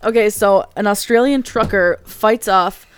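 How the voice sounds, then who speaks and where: A woman's voice: mid-range voice, unhurried, clear, resonant tone. A woman co-hosting a casual podcast, reading out news stories in a giggly, laid-back way. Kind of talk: casual chat.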